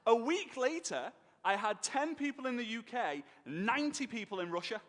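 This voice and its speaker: Lively, high-voiced man telling his story in a hall. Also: moderate pace. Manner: animated and emotional, acting out quoted voices. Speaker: speaker telling his business story on stage. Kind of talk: motivational stage storytelling. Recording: long hall reverb.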